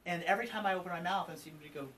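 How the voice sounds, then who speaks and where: A man's voice: high-pitched, very fast, fairly bright tone, far from the mic, low-quality recording. Man near fifty telling his story. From Colorado, USA. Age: almost 50. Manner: open and conversational, many ums and asides. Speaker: interview guest, trans advocate. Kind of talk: candid personal storytelling. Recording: from slightly off mic with faint ambient noise.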